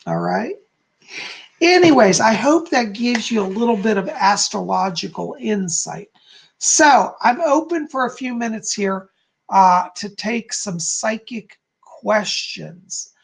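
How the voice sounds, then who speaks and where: Brief: male psychic live-streamer, gravelly, chatty and upbeat, drifts off topic. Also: high-pitched, animated. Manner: chatty and encouraging, speeds up and slows down; laughs at himself, easily sidetracked. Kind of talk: live-stream forecast, reading viewer comments aloud.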